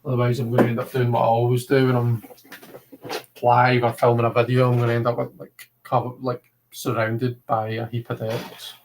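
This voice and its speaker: A Scottish man chatting casually on a livestream, his voice sitting at an ordinary middle pitch. He rambles from one thought to the next, leaning on filler words as he talks to his viewers. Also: completely flat delivery, normal speed, slight background noise, rough recording. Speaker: livestream host.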